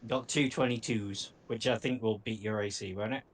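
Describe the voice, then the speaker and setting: A man running a tabletop game as game master, easygoing and quick to murmur acknowledgements. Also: lowish voice, fairly even intonation.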